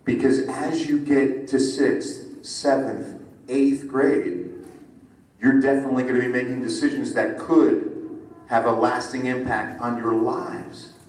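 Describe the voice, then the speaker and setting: A middle-aged man from New Jersey giving a friendly, animated speech to students as a guest speaker at a school ceremony. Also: mid-range voice, measured pace. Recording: echoey hall from far off, faint ambience.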